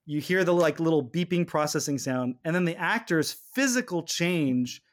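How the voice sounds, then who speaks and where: Male podcast host, slightly high voice, casual chat, acts out scenes as he recaps. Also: moderate pace. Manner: animated retelling of scenes, quoting characters.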